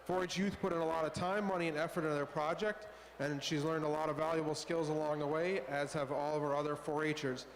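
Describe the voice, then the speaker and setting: A man reading out exhibitor introductions at a livestock sale in a measured, formal announcing style. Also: a little high, little pitch movement, long reverb tail, a little hiss or hum, low-quality recording. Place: indoor livestock show arena over PA.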